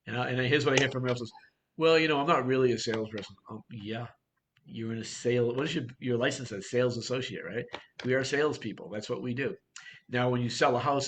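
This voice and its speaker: A man's voice: medium pitch, fairly bright tone, a little hiss or hum. A man coaching real estate agents in a workshop talk, blunt and direct, firing off rhetorical questions.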